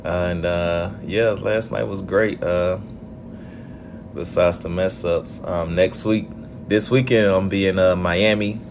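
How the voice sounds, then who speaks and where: A man's voice: deep voice, fairly even intonation, slow pace, vocal fry, noisy background. Young Alabama man, Southern accent, exasperated casual vlogger, laughs while venting. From Birmingham, Alabama. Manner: frustrated, venting, with many laughs. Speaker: event organizer. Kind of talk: casual vlog rant.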